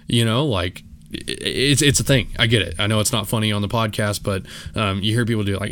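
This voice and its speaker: A man's voice: fairly low pitch, fairly even intonation, a little fast, a bit bright, no room sound. A young man talking casually on his solo podcast, rambling with many fillers and restarts, and poking fun at himself. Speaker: podcast host.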